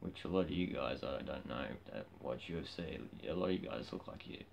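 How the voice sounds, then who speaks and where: A man livestreaming from his phone, chatting casually and bluntly, cheeky and quick to get loud and heated. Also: very deep voice, vocal fry, a little hiss or hum. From Australia.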